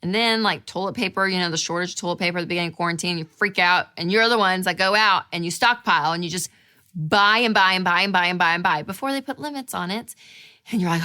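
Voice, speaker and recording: A woman in her thirties hosting a show, talking casually to camera in an animated way, acting out inner voices with big jumps in pitch. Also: a little fast. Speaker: show host.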